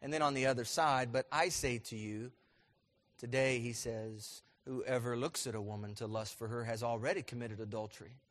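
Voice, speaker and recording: A man preaching a sermon as pastor, asking his congregation questions and building to loud, emphatic peaks. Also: mid-range voice, steady tone, moderate pace.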